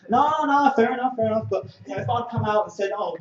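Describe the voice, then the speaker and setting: A man with a high, lively voice performs a stand-up comedy set, chatting casually and then bursting into shouts when he acts out a scene. His voice sounds roomy and a little muffled, as if caught in a small club. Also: brisk, a little hiss or hum.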